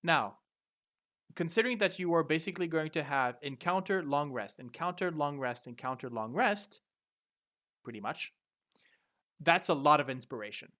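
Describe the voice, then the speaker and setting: A man's voice: fairly high pitch, lively intonation, normal speed, long pauses, sharp tone. A man running a tabletop game over a video call, explaining the rules in a hesitant way, with many fillers and restarts. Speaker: game master.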